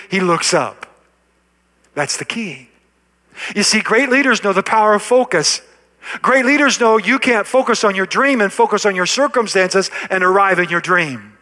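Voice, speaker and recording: A man's voice: sits high, bright, forceful tone. A man preaching a sermon as pastor, building to emphatic, repeated lines and dropping to a near-whisper at the ends of phrases. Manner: preaching with rising emphasis and repetition. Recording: long hall reverb.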